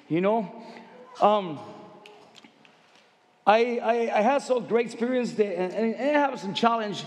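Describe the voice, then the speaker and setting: Preacher, high voice, emphatic broken English, ringing hall reverb. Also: male voice, animated, takes it slowly, long pauses. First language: Spanish. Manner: emphatic, broken English, swings from soft asides to loud exclamations. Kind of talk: sermon.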